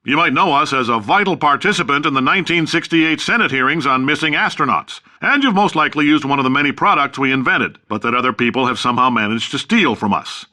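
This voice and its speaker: A man's voice: mid-range voice, lively intonation, quick pace, few pauses, sharp tone. An actor playing a brash, boastful middle-aged company boss with sarcastic salesman's patter in a video game. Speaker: company founder and CEO.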